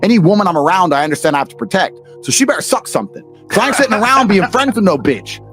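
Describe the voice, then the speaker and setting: Brash British man, podcast guest, rapid lively delivery, faint music behind. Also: high voice. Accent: British English. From England. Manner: brash, profane, emphatic. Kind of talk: blunt storytelling and ranting.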